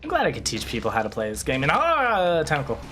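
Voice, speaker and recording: A male streamer in casual chat over gameplay, venting with a lot of heat and the odd curse word, and tripping over his words as he goes. His voice sits at an ordinary middle pitch for a man. A faint hiss of noise runs under it. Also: racing. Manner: ranting, animated, swears freely, restarts sentences.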